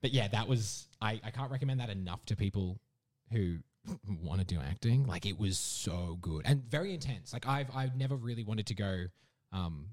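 A young man in his twenties with a light Australian accent and a lowish voice. He tells his stories in a lively, animated way, laughing as he goes and acting out the people he quotes. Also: normal speed. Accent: mild Australian. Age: 20s. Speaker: guest performer. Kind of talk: casual interview storytelling.

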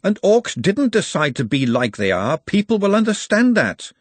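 A man reading an audiobook, voicing a forthright young woman who speaks emphatically in a raised, higher voice. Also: very animated, fairly quick, husky, no room sound. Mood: urgent. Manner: emphatic and outspoken, with a raised pitch.

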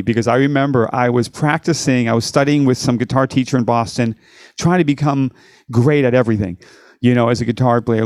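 A man's voice: medium pitch, a little mellow, dry recording, studio quality. A man, a guitarist guest, telling stories in a loose, rambling way, full of "you know" and "like". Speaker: guest musician. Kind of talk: casual storytelling interview.

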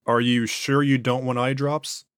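A man's voice: medium pitch, little pitch movement, a little slow, smooth, dry recording, studio quality, lightly acted. A man voicing a male interrogator who reasons earnestly with his subject. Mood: patient. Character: patient male interrogator losing his nerve.

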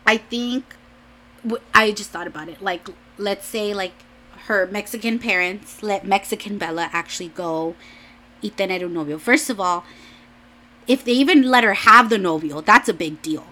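Chatty young woman, bright rambling voice. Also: medium pitch, moderate pace. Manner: rambling, chatty, full of "like"s and restarts, laughs often. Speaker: vlogger. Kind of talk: casual chat.

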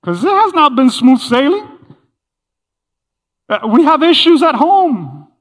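A man's voice: very high-pitched, big pitch swings, takes it slowly. A middle-aged man, a pastor, preaching a sermon in a casual, chatty way, acting out little quoted voices as he goes. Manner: conversational, acts out quoted voices, laughs often. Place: church hall. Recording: long hall reverb.

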